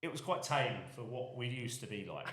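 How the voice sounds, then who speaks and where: A man's voice: medium pitch, animated, fairly quick, a bit bright. A man with an English accent telling rowdy stories in casual chat, laughing and swearing as he goes. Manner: swearing storyteller, laughing through anecdotes. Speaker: guest. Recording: echoey room.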